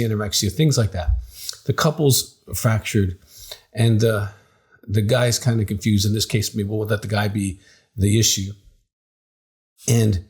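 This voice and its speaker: Speaking directly to camera, a middle-aged man who works as a psychologist and counseling director gives advice with emphatic, animated storytelling, performing each line of dialogue. His voice sits fairly low in pitch and sounds slightly rough.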